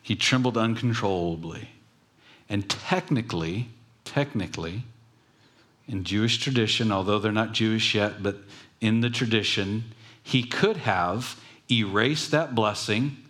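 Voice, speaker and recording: Male preacher with a lowish voice, conversational and wry. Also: measured pace, a bit bright. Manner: conversational, jokey asides. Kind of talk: casual sermon storytelling.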